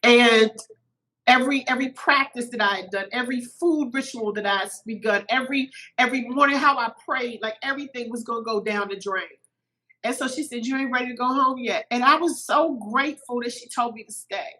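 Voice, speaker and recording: A middle-aged woman, a podcast guest, telling a personal story in an animated way, a little teary-eyed. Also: a little high, fairly quick, low-quality recording. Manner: animated, acts out quoted voices.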